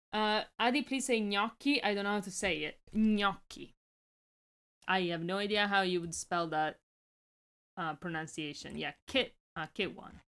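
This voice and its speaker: A woman's voice: lowish voice, fairly bright tone. A woman with an Italian accent, a native Italian speaker, chatting casually and rambling through gameplay commentary with the odd swear. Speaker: streamer.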